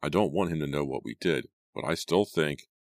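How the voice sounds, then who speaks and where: A jittery teenage boy with tense, shrill speech, read by a man narrating a storybook. The voice stays very low underneath. The recording is close and dry. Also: brisk, dry recording. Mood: worried.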